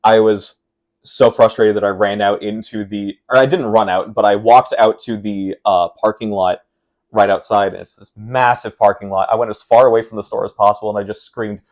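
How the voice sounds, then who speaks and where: A low-pitched young man talks through a card game turn by turn in a casual interview. He lays out each choice methodically, and his delivery livens up as he recounts a frustrating defeat. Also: a little fast. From Pacific Northwest of the United States. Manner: explains game plays step by step, animated when retelling frustration. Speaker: guest, tournament player.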